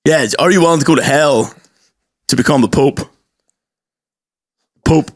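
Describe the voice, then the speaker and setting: A man's voice: on the high side, normal speed. A man co-hosting a podcast, riffing in rambling, jokey casual banter. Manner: rambling, jokey, riffs on ideas. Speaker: podcast co-host.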